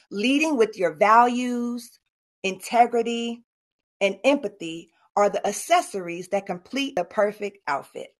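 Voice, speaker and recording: A middle-aged woman giving a motivational talk at an online summit and coaching her audience directly. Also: mid-range voice. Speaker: speaker.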